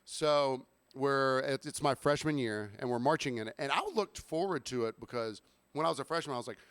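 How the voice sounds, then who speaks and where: A man's voice: medium pitch, a little fast, a bit bright, smooth, dry recording. A man co-hosting a podcast, telling a long story in a casual, laid-back way, with plenty of fillers and restarts. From Savannah, Georgia. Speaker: podcast co-host.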